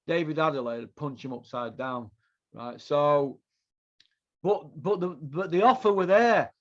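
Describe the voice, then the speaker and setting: Male host, high voice, foul-mouthed heated rant, dull lo-fi recording. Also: a little slow. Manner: profane, heated, repetitive ranting. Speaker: podcast host. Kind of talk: angry ranting commentary. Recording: dull lo-fi sound.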